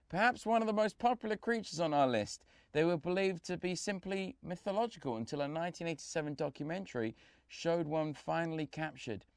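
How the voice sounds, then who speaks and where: Guy hosting a comedy show, deadpan joke reading, kinda high voice. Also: clean tone, no room sound, studio quality. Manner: deadpan jokey delivery, reading from a prompter. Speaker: host. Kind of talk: comedic scripted monologue with banter.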